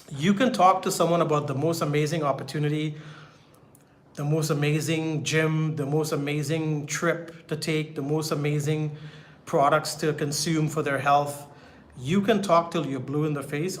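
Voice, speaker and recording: A middle-aged man mentoring on business in a motivational talk. His voice sits a little high for a man, and he hammers his points home by repeating them. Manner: emphatic, repeats key phrases for effect.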